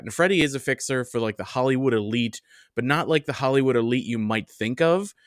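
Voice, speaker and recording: A man's voice: medium pitch, dry recording, studio quality. A man chatting casually as a podcast guest, easygoing and often restarting his phrases.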